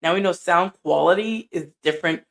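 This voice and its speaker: A middle-aged woman with a deep, soothing, grounded voice, giving a casual motivational talk and acting out both sides of conversations. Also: fairly quick, vocal fry. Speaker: podcaster. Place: indoor room at night.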